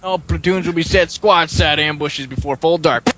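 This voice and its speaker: A man voicing a gruff army captain with a Southern US accent, barking orders in a casual screenplay read-through. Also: on the high side, moderate pace, fairly bright tone, a little hiss or hum, pitched above the performer's own voice, close to an everyday voice. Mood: commanding.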